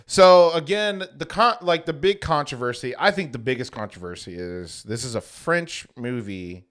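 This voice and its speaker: A man's voice: mid-range voice, animated, normal speed, a bit bright. A young man co-hosting a podcast in casual chat, rambling with lots of fillers. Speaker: podcast co-host.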